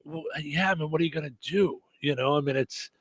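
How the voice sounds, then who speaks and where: A man's voice: a little high, quick pace, dry recording, studio quality. A man co-hosting a radio show in casual chat, with many fillers and restarts.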